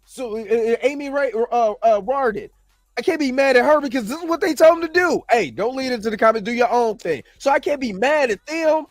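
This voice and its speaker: A man's voice: very high-pitched, expressive, a little fast, no room sound, soft background music. A male host giving opinionated commentary, emphatic and repetitive, with many fillers and restarts. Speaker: show host.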